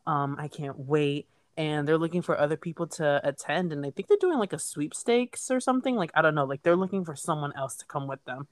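Sassy low-voiced young woman. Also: fairly quick, few pauses, no echo. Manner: sassy, teasing slang. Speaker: podcast co-host. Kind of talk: casual chat.

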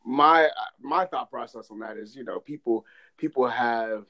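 A man in relaxed casual conversation, with a middle-range voice. He rambles loosely and circles back to restart his thoughts. His tone is easygoing and conversational. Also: mid-range voice, unhurried.

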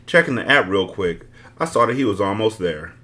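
Lively-toned, low-voiced man reading aloud. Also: brisk. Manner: blunt, profane, conversational. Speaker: book podcast host. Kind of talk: casual book reading with commentary.

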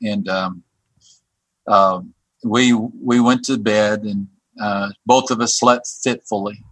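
Halting man telling a story, dry sound. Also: fairly low pitch, steady tone, a bit bright, no echo. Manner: halting, repeats words and restarts. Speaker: church staff member and guest. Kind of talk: telling a personal story on a podcast.

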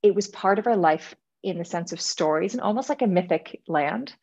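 A Canadian woman in her forties, a guest in a casual interview, telling animated stories about her family and laughing often. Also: fairly low pitch, brisk. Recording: lo-fi, dull sound.

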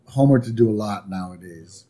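A man's voice: lowish voice, a little fast, mellow. A man co-hosting a podcast, casually recapping a cartoon episode in a laid-back, agreeable way. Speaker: podcast co-host.

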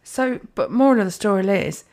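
A woman's voice: mid-range voice, lively intonation, fairly quick, darkish tone. A woman, co-hosting a casual podcast chat, ranting with jokes and swearing. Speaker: podcast co-host.

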